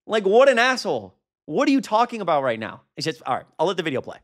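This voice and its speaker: A man's voice: a little high, big pitch swings, heavy background noise. A young man reacting to a protest video as a political commentator, indignant and exasperated. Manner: indignant, exasperated, quick asides.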